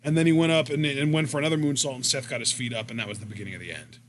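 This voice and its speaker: A man's voice: mid-range voice, rapid-fire, slight background noise. A man co-hosting a wrestling podcast in casual commentary, rambling and swearing as he retells matches. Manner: rambling, profane, animated retelling.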